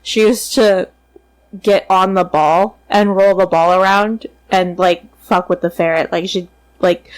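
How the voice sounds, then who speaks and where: A woman's voice: on the low side, steady tone, a little slow, poor audio. A woman co-hosting a podcast, telling a family pet story in casual chat, swearing freely with lots of ums. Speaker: podcast co-host.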